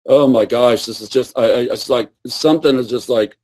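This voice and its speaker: A man's voice: medium pitch, a little mellow, breathy edge. A man putting on the voice of a despairing, dazed male prophet who mumbles and halts as he pities himself. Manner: mumbling, halting, self-pitying.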